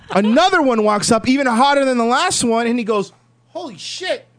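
A man in his thirties, a podcast host telling a story in casual chat, animated and laughing. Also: very high-pitched, measured pace, background noise. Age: 30s.

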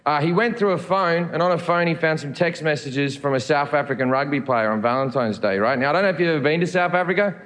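A man's voice: a little high, quick pace, hardly any pauses, fairly bright tone. A male stand-up comedian telling dry, provocative jokes on stage. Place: comedy venue. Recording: echoey room with live crowd.

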